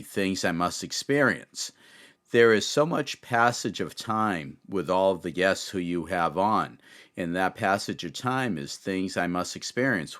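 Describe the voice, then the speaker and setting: A man's voice: low voice, a bit bright, clear, resonant tone. A man hosting a podcast who talks earnestly and at length, praising his guests. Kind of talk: casual chat.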